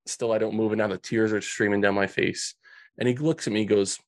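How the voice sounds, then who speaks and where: A man's voice: on the low side, fairly even intonation, fast, no room sound. A man in a podcast interview, telling a painful childhood story in an earnest way, often restarting his sentences. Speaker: podcast guest. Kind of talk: emotional storytelling.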